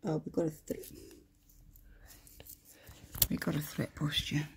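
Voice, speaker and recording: A woman vlogging at home as she tends her pets, coaxing and cooing at them, often in a hushed near-whisper, caught on a camera mic held by a helper. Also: low-pitched, flat delivery, slow, vocal fry. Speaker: pet keeper vlogger. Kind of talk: casual narration to camera.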